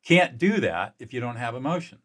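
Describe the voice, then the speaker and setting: A man who works as a mediator, explaining in an interview in an energetic, emphatic way, often restarting and repeating words. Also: mid-range voice, a little fast. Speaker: mediator and peacemaker.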